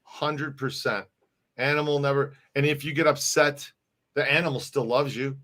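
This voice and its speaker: With a steady, pushed and bright mid-range voice at normal speed, a middle-aged co-host chats casually on a live stream. He rambles, restarting his sentences and repeating words often.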